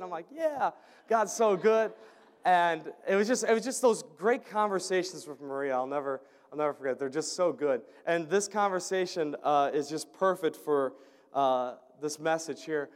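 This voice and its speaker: A fairly high-voiced man shares a heartfelt church testimony, stumbling and repeating words as he goes. His voice rings out with the long reverb of a large hall. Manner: earnest, halting, repeats words, chuckles often. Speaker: churchgoer giving a mission trip update. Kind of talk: storytelling sermon testimony.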